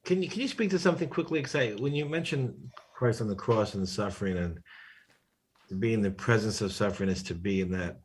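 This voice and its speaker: A man's voice: lowish voice, fast talker, breathy edge. A man hosting a podcast conversation, thinking aloud and stopping often to restart his sentences.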